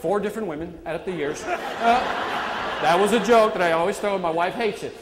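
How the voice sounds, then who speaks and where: A man's voice: high voice, fast, crowd noise, noisy background. A man in his forties from Chicago, whose first language is not English, giving a live motivational speech with energy and quizzing his listeners as he talks. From Chicago, USA. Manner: energetic, quizzing the room, call-and-response. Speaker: motivational speaker. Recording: echoey hall with long reverb.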